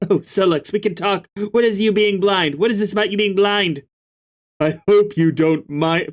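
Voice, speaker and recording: A man voicing an excitable young female alien troll in a bubbly, rushed high voice while reading a webcomic aloud. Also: natural voice.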